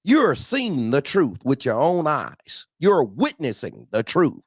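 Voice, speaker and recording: A man with a fairly high, swinging voice talks bluntly in street slang, animated and quick to laugh. The sound is dry and close, with no room behind him. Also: husky, no room sound. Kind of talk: casual profane trucking talk.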